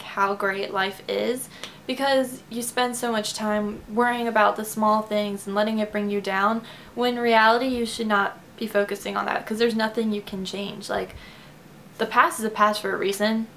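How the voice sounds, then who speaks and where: A woman's voice: medium pitch, fairly bright tone. Young female vlogger, mid-range voice, emotional heart-to-heart with viewers, faint background noise. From Kentucky. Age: young adult. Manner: emotional, teary, fast with many fillers. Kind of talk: casual heartfelt talk to camera.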